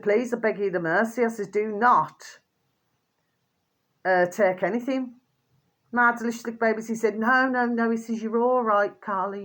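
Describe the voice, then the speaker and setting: A woman's voice: mid-range voice, fairly bright tone. A woman vlogging in a rambling, chatty monologue, with repetitive endearing asides to her viewers and indignant outbursts between gossipy stories.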